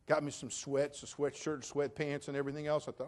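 A man preaching a sermon in a conversational way, with humorous asides and swings from quiet remarks to emphatic declarations. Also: a little high, little pitch movement, brisk. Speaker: pastor.

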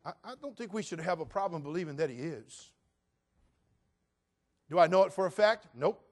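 Man, sixties, pastor, sermon, animated storytelling, slightly high voice. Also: normal speed. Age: 60s. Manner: animated storytelling preacher, acts out voices in Bible stories.

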